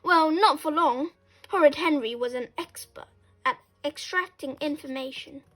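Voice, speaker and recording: Woman reading a children's story, high voice, unhurried, expressive, faint music behind. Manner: expressive, animated with sound effects.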